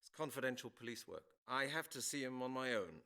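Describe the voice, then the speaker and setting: A courteous police detective. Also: male voice, medium pitch, expressive, fairly quick, bright, forceful tone. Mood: polite. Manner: formal, courteous. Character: calm male police detective. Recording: game audio with faint music.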